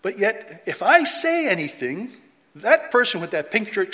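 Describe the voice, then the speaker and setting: A middle-aged man preaching a sermon in an animated way, mocking opponents' voices and reading scripture aloud. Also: high-pitched, normal speed. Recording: long hall reverb.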